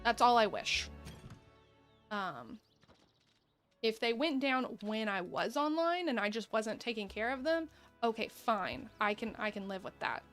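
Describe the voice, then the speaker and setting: A woman's voice: a little high, expressive, a little slow, pauses often, fairly bright tone, faint music behind. A woman chatting casually through a game stream, rambling, laughing often and talking to her viewers. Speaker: gaming streamer. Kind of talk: casual gameplay commentary.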